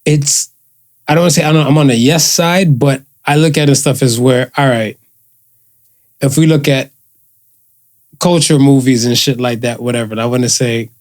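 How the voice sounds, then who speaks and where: A podcast co-host rambles through a casual show, padding his points with phrases like "and stuff." His medium-pitched voice is fairly even and moves at a normal speed, broken by long pauses.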